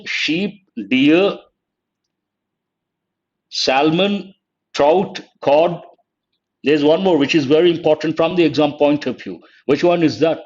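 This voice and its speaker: A man's voice: a little high, a little mellow, muffled recording. Teacher quizzing his online class. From India. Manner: quizzes students, spells out words letter by letter. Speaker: English teacher. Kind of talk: live online exam-prep lecture.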